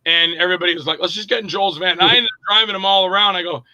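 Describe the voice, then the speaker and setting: Animated high-voiced man telling stories. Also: very fast, no echo, highs cut off. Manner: animated, acts out quoted dialogue, frequent fillers. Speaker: actor and director, interview guest. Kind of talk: casual storytelling interview.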